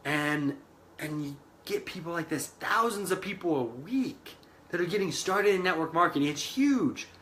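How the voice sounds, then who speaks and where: A man coaching on network marketing, telling a long story in an animated way and acting out the voices he quotes. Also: fairly high pitch, moderate pace, a little hiss or hum. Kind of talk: motivational vlog talk.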